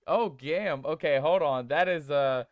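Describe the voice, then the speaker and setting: A man streams a game and chats casually and playfully with viewers he calls mateys, reading chat aloud and testing text-to-speech voices. His voice is fairly high and a little slow. The recording has no room sound and a lo-fi quality.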